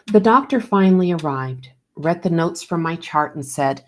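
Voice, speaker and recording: A woman host and author who talks in a direct, animated way, interviews a guest and reads from her own book. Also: on the low side, moderate pace, hardly any pauses.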